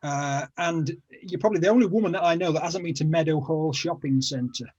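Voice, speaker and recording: A man's voice: a little high, brisk, darkish tone, slightly rough, lo-fi sound. A man from Sheffield with a South Yorkshire accent, a guest chatting casually and rambling through stories with a dry, self-deprecating humor. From Sheffield, South Yorkshire, England. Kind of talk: casual chat.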